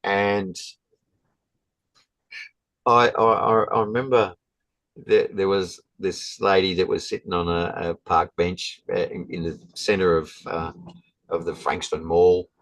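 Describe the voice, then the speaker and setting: Very deep-voiced man telling a story. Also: level tone, fairly bright tone, no echo, poor audio. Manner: halting, many restarts and fillers. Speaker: guest. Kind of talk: casual storytelling.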